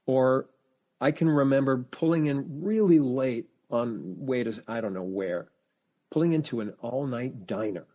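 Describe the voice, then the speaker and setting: Man telling lively stories as a podcast guest. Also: medium pitch, measured pace. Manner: animated storyteller, full of family anecdotes; restarts sentences while searching for words. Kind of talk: casual interview chat.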